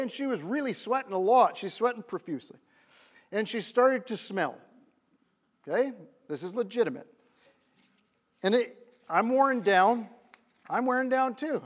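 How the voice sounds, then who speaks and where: Man, pastor, sermon, conversational, high voice, audience check-ins.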